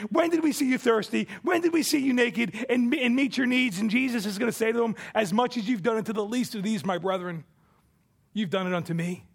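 A man preaching a sermon from the pulpit, emphatic, his voice swelling for quoted scripture and dropping low and soft on key points. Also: gravelly. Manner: emphatic preaching, rising and falling in volume. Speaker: pastor.

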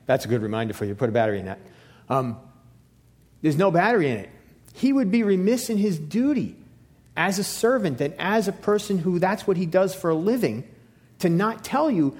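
Casual, chatty male preacher. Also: a little high. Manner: conversational, frequent "okay?" check-ins, repeats himself for emphasis. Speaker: pastor. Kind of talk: sermon.

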